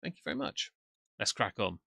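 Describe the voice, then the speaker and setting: A man's voice: fairly low pitch, expressive, a little fast, vocal fry, sharp tone, no room sound. A man commenting sarcastically on a livestream from off camera. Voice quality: dry, mocking. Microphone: desk mic, off camera.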